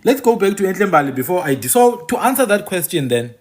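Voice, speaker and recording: Husky, lively South African man ranting. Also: high-pitched, fast talker. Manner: emphatic, repeats phrases for effect. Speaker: channel host and commentator. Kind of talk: opinionated monologue to viewers.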